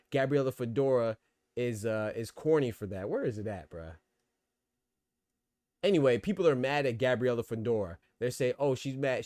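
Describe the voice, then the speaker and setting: A man's voice: medium pitch, darkish tone, no echo, studio quality. A man hosting a podcast in casual, slangy commentary, reacting to his live chat as he goes. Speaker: boxing podcast host.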